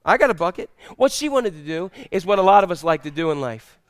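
A male pastor preaching a sermon, telling stories in an animated way and acting out the characters. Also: on the high side, fast talker, clear, resonant tone, dry recording, clean studio sound. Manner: animated storytelling, acts out characters.

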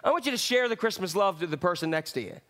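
A pastor preaching with a fairly high, animated voice. He calls out to the congregation, then drops to quiet, reflective moments as he talks through scripture. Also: fast talker. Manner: lively preaching with swings from loud to hushed. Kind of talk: sermon.

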